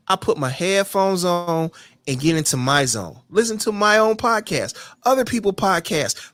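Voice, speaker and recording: A blunt, foul-mouthed man rants about a coworker on his own podcast. His voice is fairly high and swings widely, and the sound is close and dry. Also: fairly bright tone, no echo. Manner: blunt, profane, mocks others in whiny voices. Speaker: podcast host. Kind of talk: casual rant monologue.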